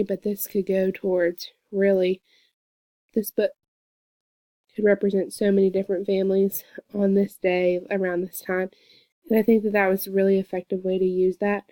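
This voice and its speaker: A young woman, a student giving a peer review of a classmate's work, reading quoted passages aloud slowly and commenting on them earnestly. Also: medium pitch, dark tone, dry recording.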